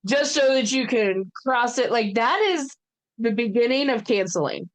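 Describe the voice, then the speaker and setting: A woman's voice: on the high side, expressive, moderate pace. A woman co-hosting a podcast in casual chat, telling family stories in a chatty way, swearing and laughing often. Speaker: podcast co-host.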